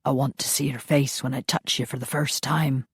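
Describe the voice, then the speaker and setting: A woman voicing a brooding centuries-old male vampire with a put-on Scottish accent, speaking in a slow, hushed, commanding way in an audiobook. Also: extremely low pitch, fairly even intonation, gravelly, breathy edge, dry recording, studio quality, pitched below the performer's own voice, heavily acted. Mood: seductive. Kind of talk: audiobook narration.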